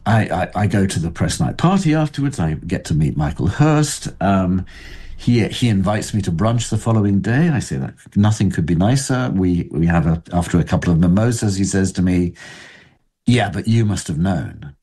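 An older man speaking as an interview guest, thoughtful and halting, with frequent restarts. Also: low-pitched, animated, warm tone, husky. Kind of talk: reflective interview talk.

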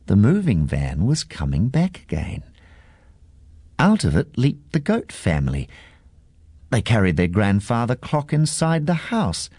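A man reading a children's story aloud in a gentle, expressive way. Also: lowish voice, a little slow, slightly rough, no echo, clean studio sound.

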